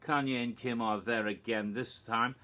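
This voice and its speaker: Man, casual recap, rambling, amused asides, very bright edgy voice. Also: mid-range voice, steady tone, moderate pace. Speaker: host recounting theme park history.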